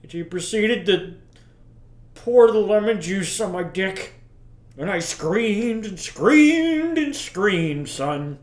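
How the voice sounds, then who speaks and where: An actor playing a bitter, self-pitying middle-aged father who rambles crudely to his son in a deadpan comedy monologue. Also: sits high. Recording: roomy echo.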